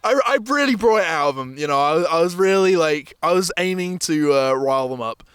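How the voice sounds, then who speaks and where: A young man with a high voice chats casually on a podcast. He tells stories animatedly, acting out other people's lines. The recording is close and dry. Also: fairly quick, smooth, dry recording. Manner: animated storytelling with acted-out quotes, laughs often. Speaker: podcast host. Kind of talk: casual chat.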